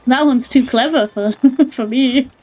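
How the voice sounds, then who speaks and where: Woman, game streamer, high voice, casual playful commentary. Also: measured pace, darkish tone. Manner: playful, laughs often, apologizes in mock panic.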